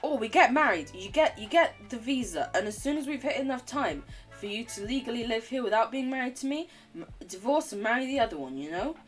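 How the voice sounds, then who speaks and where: Soft music plays as a young English streamer with a standard accent chats giggly and teasing with viewers during her game. Her voice is on the high side and animated, running a little fast with few pauses.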